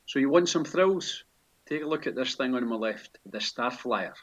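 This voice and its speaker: A Scottish man in his sixties giving a relaxed, chatty walking-tour vlog, full of local slang with frequent pauses. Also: mid-range voice. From Scotland. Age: 60s. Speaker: vlogger and tour guide. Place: outdoors on busy city streets and inside a pub. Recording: street noise and traffic behind.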